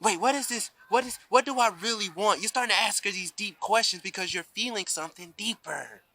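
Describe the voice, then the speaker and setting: A man's voice: high-pitched, a little fast, pushed and bright, rough recording. A man giving an emphatic spiritual talk to a camera outdoors, often asking "you see?". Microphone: camera mic.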